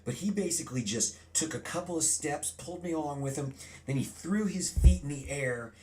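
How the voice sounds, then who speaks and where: A middle-aged man being interviewed, telling a childhood story in a lively storytelling way and acting out remembered lines. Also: a little high, brisk. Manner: animated storyteller, acts out quotes. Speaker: guest.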